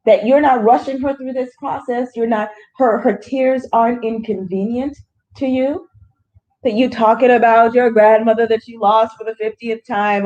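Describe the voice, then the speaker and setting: A woman's voice: a little high, steady tone, moderate pace, a little mellow, dull audio. A woman leading a grief support small group, talking earnestly with everyday analogies.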